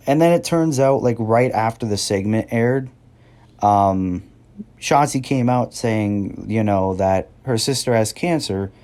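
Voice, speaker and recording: Young man, twenties, lower mellow voice, angry sarcastic vlog rant, swears a lot. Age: 20s. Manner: angry, profane, sarcastic, mocks others in a whiny voice. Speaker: wrestling commentator. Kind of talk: heated rant.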